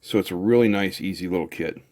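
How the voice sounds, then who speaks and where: A man's voice: low voice, quick pace, a little mellow. A middle-aged man casually talking through a kit build as he solders, chatty and thinking aloud. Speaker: electronics hobbyist host.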